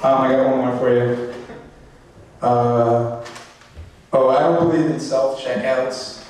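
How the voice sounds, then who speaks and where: A man doing a stand-up set, rambling and halting with lots of fillers. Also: mid-range voice, flat delivery, darkish tone, slight background noise. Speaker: stand-up comedian. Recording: echoey room from far off.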